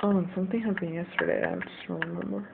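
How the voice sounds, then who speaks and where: A high-pitched young man in his late teens rambles and vents in a casual confessional vlog. The audio is tinny and narrow, like a cheap built-in mic, with a faint hiss underneath. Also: very animated, fast talker, gravelly. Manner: rambling, venting, frustrated. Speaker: vlogger.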